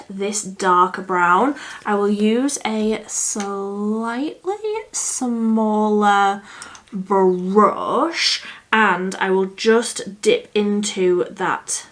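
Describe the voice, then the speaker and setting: A young woman chatting casually as she does her makeup, thinking aloud and now and then dropping to a soft murmur while she works. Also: mid-range voice. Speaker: beauty vlogger. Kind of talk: casual makeup tutorial chat.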